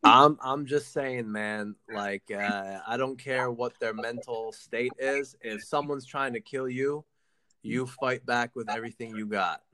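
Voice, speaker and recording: A man's voice: mid-range voice, fairly even intonation, measured pace, sharp tone. A man talking bluntly and profanely in a casual chat, laughing easily.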